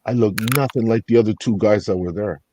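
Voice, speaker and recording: A man's voice: on the low side, quick pace, dark tone, a little hiss or hum. A man co-hosting a podcast, telling stories in casual chat, swearing freely and acting out both sides. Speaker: podcast co-host.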